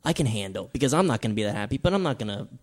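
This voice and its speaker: A man in casual chat, joking and self-mocking in quick banter. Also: medium pitch, expressive, a little mellow.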